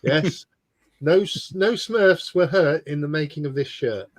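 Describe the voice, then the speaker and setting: A man's voice: a little high, a little slow, no room sound. A man co-hosting a hobby livestream, casually greeting viewers and teasing them as he reads their comments. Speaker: livestream co-host. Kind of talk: casual chat. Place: home studio, on a video call.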